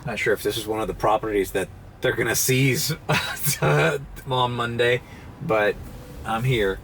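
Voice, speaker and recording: A man's voice: medium pitch, measured pace, creaky, a bit bright. A man vlogging casually while driving rideshare, rambling and swearing freely. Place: inside a car on city streets. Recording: noisy car cabin. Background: car and road noise.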